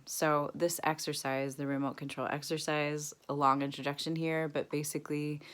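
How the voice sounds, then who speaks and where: A young woman vlogging casually, talking gently and reflectively, with a cough now and then, and softening to a near-whisper when she guides an exercise. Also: low voice. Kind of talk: casual self-help vlog. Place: Berlin.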